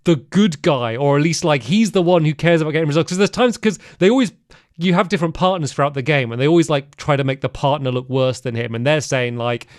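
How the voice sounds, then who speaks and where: A man's voice: on the high side, quick pace, dry recording, studio quality. A man co-hosting a casual game-review podcast, rambling with lots of filler words. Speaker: podcast co-host. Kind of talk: casual chat.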